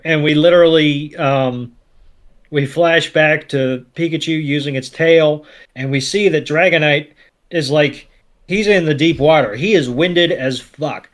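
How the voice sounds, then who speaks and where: Guy on a podcast recapping a cartoon, slightly high voice, super animated, swears a lot, acts out the lines. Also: a little slow. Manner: animated storytelling, swears casually, acts out quotes. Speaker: podcast co-host. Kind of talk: casual recap chat.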